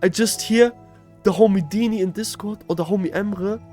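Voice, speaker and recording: A young man vlogging a casual story in slangy, playful talk, speaking low and close to a desk mic in his bedroom. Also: moderate pace, warm tone, soft background music. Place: shared bedroom at home. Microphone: desk microphone up close.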